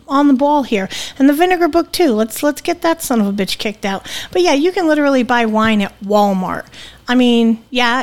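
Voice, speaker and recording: Southern gal cohost, crude jokes, bit higher voice, chatty. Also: female voice. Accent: Southern US with New England slips. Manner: blunt, crude and joking. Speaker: podcast co-host. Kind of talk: casual chat.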